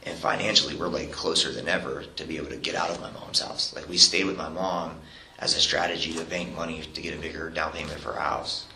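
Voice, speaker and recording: A man recounting a heated argument in an interview, halting and restarting as he quotes himself. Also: very deep voice, fairly even intonation, gravelly, sharp tone. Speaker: husband recounting events. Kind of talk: recorded interview testimony. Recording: roomy recording with faint hiss.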